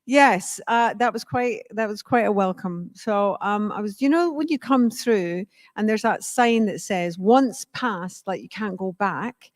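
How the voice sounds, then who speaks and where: A Scottish woman, a guest actor, telling stories on a convention stage in an animated, giggly, sweary way. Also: medium pitch, measured pace, few pauses, dry recording, clean studio sound. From Scotland. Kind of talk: lively convention panel chat.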